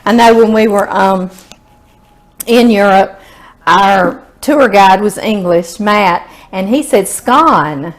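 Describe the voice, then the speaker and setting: A woman's voice: medium pitch, slow. A woman with a Southern US accent, hosting a home cooking video in a chatty, folksy way and savoring the food aloud. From Louisiana, US Southern. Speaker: cooking show host.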